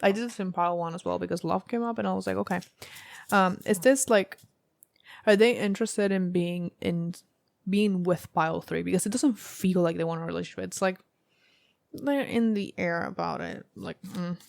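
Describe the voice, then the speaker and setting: A woman's voice: fairly low pitch, normal speed, vocal fry, darkish tone, no room sound. A woman giving a casual tarot reading to camera, rambling and thinking aloud with many fillers. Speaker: tarot reader.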